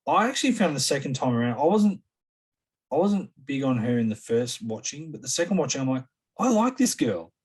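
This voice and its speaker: A man's voice: medium pitch, expressive, a little fast, husky. A man co-hosting a podcast in easygoing casual chat, with self-deprecating asides. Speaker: podcast co-host.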